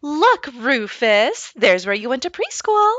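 A woman voicing an anxious, placating mother in a children's book read aloud, pitching up high and sounding nervous. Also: big pitch swings, slow pace, a bit bright, no echo, highs cut off, exaggerated voice. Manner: high, nervous and eager to smooth things over.

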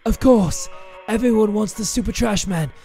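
A man's voice: high-pitched, moderate pace, warm tone, soft background music. A man voicing a polite male toy store clerk in a game, with a British accent and a stiff, formal way of speaking. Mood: apologetic.

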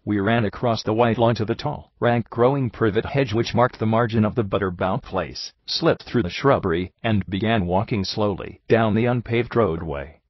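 A man reading a story aloud in measured scripted narration, on a dull, dry, lo-fi recording. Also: lowish voice, no room sound. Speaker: audiobook reader.

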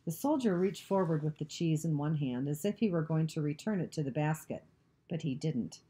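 A woman narrating a novel, reading aloud in a steady, even storytelling manner. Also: deep voice, moderate pace.

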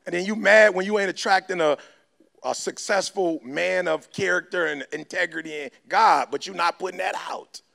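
A man's voice: high-pitched, normal speed, vocal fry, bright, forceful tone. A man giving a fiery motivational speech, lecturing his listeners in slangy street talk. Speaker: motivational speaker.

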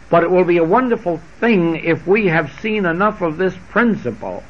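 A man giving a spiritual lecture, speaking deliberately and repeating scripture phrases with shifting emphasis. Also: a little high, a little hiss or hum. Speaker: spiritual teacher. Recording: dull lo-fi archival tape.

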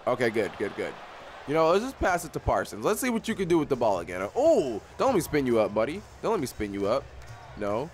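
A young man giving casual live commentary on his own basketball video game, excitable and often repeating himself as he talks to the players on screen. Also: medium pitch, quick pace, a little hiss or hum. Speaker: gaming YouTuber.

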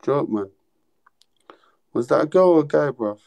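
Young guy on a livestream, slightly high voice, blunt teasing, lots of slang. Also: expressive, a little slow, creaky, darkish tone. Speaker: livestream host. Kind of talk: casual livestream chat with callers.

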